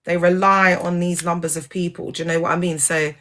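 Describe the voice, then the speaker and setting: A woman's voice: on the low side, little pitch movement, brisk, fairly bright tone. A woman talking in a casual, rambling monologue. She is frank and sarcastic and keeps asking the listener if they follow. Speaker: vlogger and former church member.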